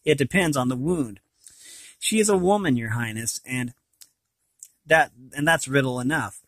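A man's voice: medium pitch, a bit bright, dry recording. Man reading a novel aloud, dry close sound. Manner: plain, unhurried reading with frequent slips and restarts. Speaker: reader.

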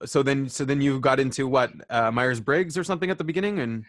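A man hosting a casual interview over a video call, upbeat and encouraging with quick affirmations. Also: medium pitch, a bit bright. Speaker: interviewer, show host.

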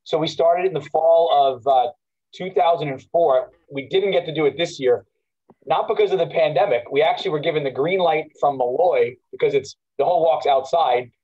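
A man casually reminiscing on a video call, talking in a halting way with frequent restarts. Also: fairly high pitch, mellow, highs cut off. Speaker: alumni walk organizer at a school memorial.

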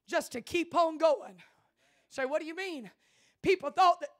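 High-pitched impassioned woman preaching. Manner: impassioned preaching, rising to shouts. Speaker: pastor. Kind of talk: sermon. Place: church.

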